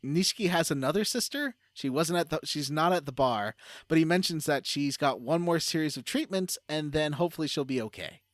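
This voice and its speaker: On a casual gaming podcast, a man co-hosts briskly in a slightly high voice with lively intonation. He laughs a lot and walks through the game plot using many fillers. The studio-clean recording has no room sound.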